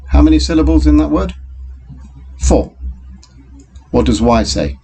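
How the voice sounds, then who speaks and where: A man with a gravelly edge to his voice gives a phonics lesson to young children at a very unhurried pace. He explains things patiently and speaks straight to the pupils. Faint computer typing sits under his voice. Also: on the high side, expressive, mellow, slight background noise. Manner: slow, patient, talks directly to young pupils. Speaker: primary school teacher.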